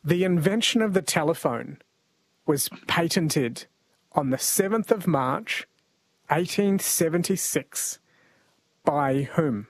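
A man's voice: a little high, expressive, slow, pauses often, no room sound. An Australian man hosting a radio quiz show, chatty and jokey, laughing often. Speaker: radio host. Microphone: studio mic.

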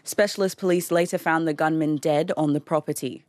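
Reporter, steady news delivery. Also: mid-range voice, fairly quick, dry recording.

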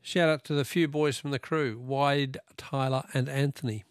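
A man hosting a radio quiz, joking with callers and reading out messages briskly. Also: mid-range voice, fairly even intonation, no echo, clean studio sound. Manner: jovial, bantering, reads messages briskly. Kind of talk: casual radio banter.

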